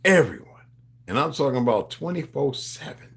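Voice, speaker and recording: A man's voice: mid-range voice, animated, brisk, gravelly. A man hosting a livestream, talking in a loose, rambling monologue. He preaches to his viewers in street slang and calls them beloved. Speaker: livestream host.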